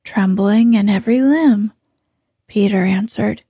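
A woman narrating a bedtime story in a soft, hushed, unhurried voice. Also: a little high, dry recording, clean studio sound. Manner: slow, hushed, breathy delivery.

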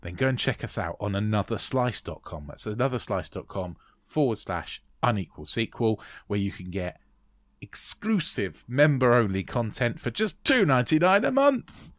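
A man's voice: mid-range voice, big pitch swings, moderate pace, a bit bright, dry recording. A male podcast co-host rambling through a casual outro, tripping over his words and laughing at himself. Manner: rambling, stumbling over words, self-deprecating.

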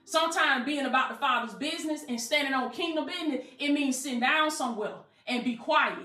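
High-voiced woman preaching with emphatic calls. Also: a little fast, bright, forceful tone, reverberant. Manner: emphatic, call-and-response phrasing, colloquial. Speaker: life coach. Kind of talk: motivational preaching.

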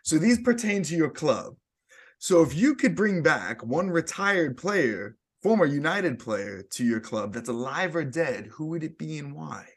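A man's voice: on the high side, sing-song, unhurried, slightly rough. Gushing podcast host, a man. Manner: effusive and enthusiastic. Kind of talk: interview.

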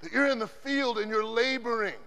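A male pastor preaching with a very high, gravelly voice that echoes through a big hall. He keeps slipping in "amen" as he goes. He also lurches between loud outbursts and quiet asides. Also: brisk. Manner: punctuates phrases with "amen", swings between loud and hushed. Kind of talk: preached sermon. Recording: long hall reverb from a conference sanctuary.

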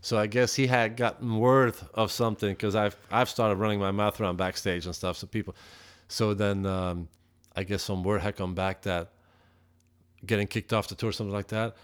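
A man from Belgium, a musician guest on a podcast, telling stories in an animated, profane, casual way. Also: fairly low pitch, moderate pace, clear, resonant tone. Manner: animated, profane, heated when retelling. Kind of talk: casual storytelling chat.

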